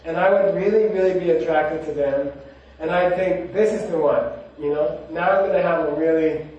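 A man's voice: a little high, normal speed, muffled recording, a little hiss or hum. A man, a monk, giving a casual spiritual talk full of personal stories, rambling and conversational with many "you know"s. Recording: very echoey room, mic far off.

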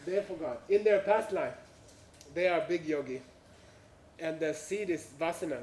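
A man with a fairly high, somewhat mellow voice and lively intonation tells an audience an anecdote at a measured pace. His English is non-native, full of "you know" and "uh," and he chuckles through the punchlines. It's a roomy, distant recording with slight background noise.

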